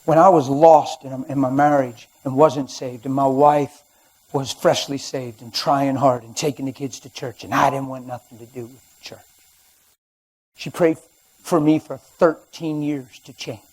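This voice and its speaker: A man preaching a sermon, telling his own story and swinging from hushed to loud. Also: mid-range voice, steady tone, normal speed, rough recording. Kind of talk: sermon testimony. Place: church or studio.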